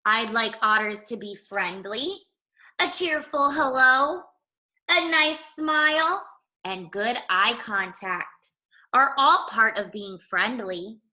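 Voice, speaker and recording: A woman doing a fretful, high-voiced rabbit. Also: lively intonation, takes it slowly, pushed and bright, heavily acted. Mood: earnest. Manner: fretful, questioning. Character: worried, fussy male rabbit neighbor. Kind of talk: picture-book read-aloud.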